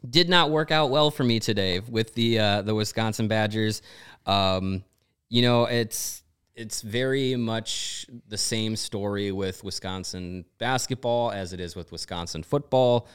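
A man hosting a sports podcast in casual chat. His voice sits on the low side and comes through very smooth and clear, and he keeps a loose, conversational pace with easy fillers. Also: a little slow. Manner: relaxed, talks through bets and scores with fillers.

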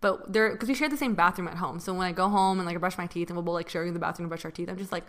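A woman's voice: on the low side, a bit bright. A young woman from California in casual chat, talkative and full of filler words. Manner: talkative, lots of fillers, quick asides. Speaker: podcast co-host.

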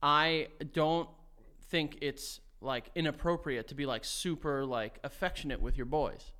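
A man's voice: fairly high pitch, fairly even intonation, a little slow, pushed and bright. A man co-hosting a podcast in casual chat, who laughs often and swears freely. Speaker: podcast co-host.

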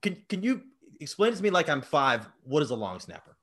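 Young man, interviewer, fast-talking, stammering, jokey, casual. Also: a little high, sing-song, a bit bright, husky. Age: young adult.

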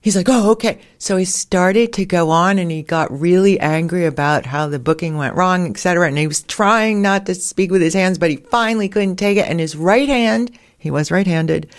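A woman's voice: on the low side, moderate pace, few pauses. A woman hosting a podcast, telling casual stories in a chatty way and laughing often. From United States. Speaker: podcast host. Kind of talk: casual storytelling monologue.

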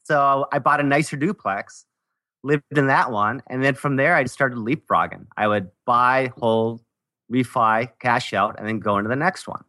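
An older man chats casually as a guest landlord, his voice bright and forward in a dry, close recording. He tells stories in an easygoing way, with jokes along the way. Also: mid-range voice, normal speed, no echo. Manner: easygoing, joking storyteller. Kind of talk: casual podcast chat.

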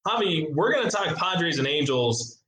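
A man co-hosting a sports podcast in relaxed, joking casual chat. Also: a little high, normal speed. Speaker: podcast co-host. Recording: roomy sound with faint noise.

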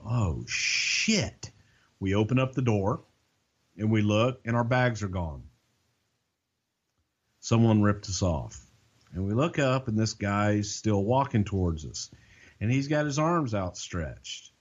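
Guy telling a swear-heavy road story, does the voices, slightly muffled sound. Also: on the low side. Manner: profane, animated, acts out quoted voices. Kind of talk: casual storytelling.

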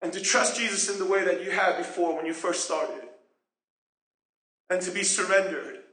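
A man preaching a sermon as pastor, expressive and acting out voices and questions. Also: sits high, normal speed. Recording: roomy echo.

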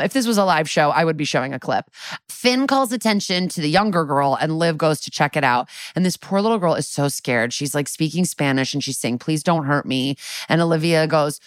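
A woman's voice: low-pitched, dry recording. A young woman co-hosting a podcast, recapping a TV episode in a chatty, sarcastic way with lots of filler words and swearing. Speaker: podcast co-host.

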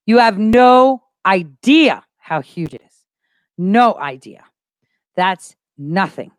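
A woman's voice: mid-range voice, expressive, takes it slowly, no echo. Emphatic woman with a dry close sound. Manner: emphatic, repeats phrases for stress; insistent and full of conviction. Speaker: livestream host. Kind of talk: casual livestream talk.

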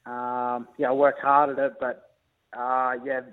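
A young Australian rugby league player, a guest on a radio show, talking over the phone in a relaxed, hesitant way with many fillers. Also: male voice, medium pitch, a little slow, clean tone. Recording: tinny phone line.

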